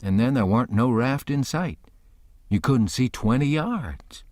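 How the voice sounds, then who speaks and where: A man's voice: medium pitch, expressive, a little slow, a little mellow, no echo, clean studio sound. A man narrating an audiobook in the first person, telling the story in a folksy rural dialect.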